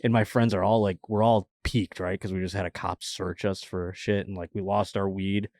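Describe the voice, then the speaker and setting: A male comedian on a podcast, spinning rambling, animated stories and poking fun at himself. His voice sits fairly low, and the sound is close and dry with no room around it. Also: normal speed, dry recording. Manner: rambling, animated anecdotes with self-mocking laughs. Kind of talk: casual storytelling chat.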